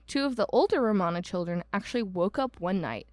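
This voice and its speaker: A woman's voice: mid-range voice, expressive, brisk, a little mellow, no room sound. Woman, Ohio accent, podcast co-host, rambling with fillers, dry close sound. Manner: rambling, filler-heavy, self-correcting. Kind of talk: casual storytelling chat.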